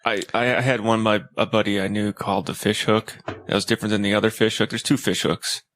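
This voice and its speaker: A man's voice: lowish voice, level tone, brisk, a bit bright, poor audio. A man in a casual studio podcast chat who tells stories with energy and acts out the quotes.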